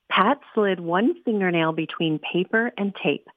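A woman radio host reading a storybook aloud in a lively, expressive way, over a dry, tinny phone-like sound. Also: lowish voice, moderate pace, hardly any pauses, slightly rough, no echo.

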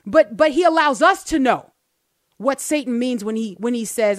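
A woman co-hosting a Christian talk show, earnestly teaching from the Bible and slowing down to read verses aloud. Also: on the high side, no room sound, studio quality. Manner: earnest, explains step by step, slows down to read verses.

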